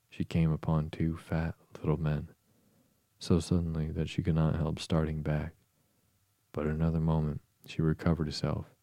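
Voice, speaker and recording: Very deep-voiced male storyteller. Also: no echo. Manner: steady, even storytelling. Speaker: narrator. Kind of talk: storybook reading.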